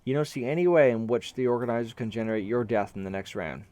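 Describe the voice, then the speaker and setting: A man's voice: mid-range voice, quick pace, darkish tone, dry recording, natural voice. A man voicing a serious, wary young woman companion in a storybook reading, without much change of voice.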